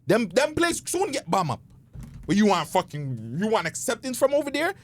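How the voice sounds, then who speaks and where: Man co-hosting a podcast; scornful, cursing rant, pitch leaping up and down. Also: huge pitch swings, moderate pace. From Toronto, Canada. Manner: profane, ranting, scornful. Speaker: podcast co-host. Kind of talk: heated casual podcast rant.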